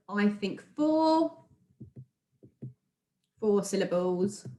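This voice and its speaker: A woman's voice: mid-range voice, sing-song, drawn-out words, pauses often, a little mellow, a little hiss or hum. A woman with a British accent, a primary school teacher recording a remote lesson, speaking encouragingly and sounding out words for young children. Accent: British English. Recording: echoey room.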